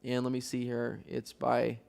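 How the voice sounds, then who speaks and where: A man teaching a Bible study, reading scripture aloud and then explaining it in a relaxed, conversational way with wry asides. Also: mid-range voice, a little slow, vocal fry, clear, resonant tone.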